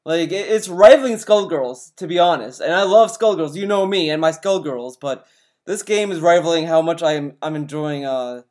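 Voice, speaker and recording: A man's voice: fairly high pitch, normal speed, darkish tone. Exasperated man ranting at a video. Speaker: video host reacting to a review. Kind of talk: casual reaction commentary.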